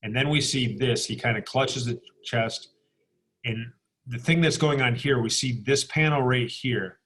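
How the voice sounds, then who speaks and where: A man's voice: medium pitch, unhurried, fairly bright tone, slightly rough. Man lecturing on design, plain mid voice. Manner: explanatory, with frequent restarts and "okay?" check-ins. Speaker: art instructor. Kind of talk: recorded lecture walking through comic pages.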